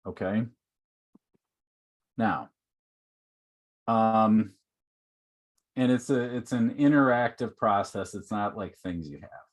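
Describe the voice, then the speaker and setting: Brief: deep-voiced male presenter, chatty and informal, lecturing to a workshop. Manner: conversational, uses many fillers like "like" and "okay". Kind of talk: online teaching talk.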